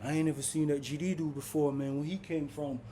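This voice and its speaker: A man's voice: fairly high pitch, steady tone, fairly quick, dark tone, slight background noise, natural voice. A man voicing a scared, whiny young inmate who pleads and keeps repeating "man". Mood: nervous.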